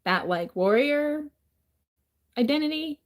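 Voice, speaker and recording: A woman's voice: high voice, expressive, slow pace. Rambling woman with a changed voice. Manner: meandering, full of fillers and swearing. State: voice changed by an injury to the throat. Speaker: vlogger. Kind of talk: casual rambling monologue. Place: home kitchen.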